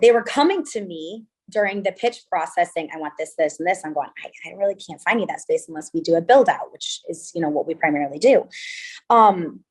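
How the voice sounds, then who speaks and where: Woman in her 30s from california, venue owner, chatty, acts out little quotes, middle pitch. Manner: chatty, animated storytelling with quoted dialogue. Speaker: venue owner and wedding designer. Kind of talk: interview conversation.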